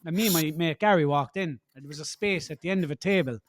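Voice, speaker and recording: A man's voice: on the high side, fast, no echo. A man with an Irish accent, co-hosting a casual podcast chat and telling a story with laughs and restarts. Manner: storytelling, laughs while telling, repeats words. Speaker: podcast co-host.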